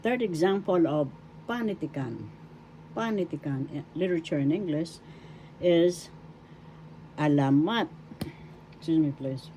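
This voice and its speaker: A woman's voice: deep voice, animated, measured pace, pauses often, warm tone, slight background noise, rough recording. An older woman with a Filipino accent teaching a language lesson, spelling out words syllable by syllable and repeating each word several times. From Philippines. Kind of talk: slow spoken language lesson.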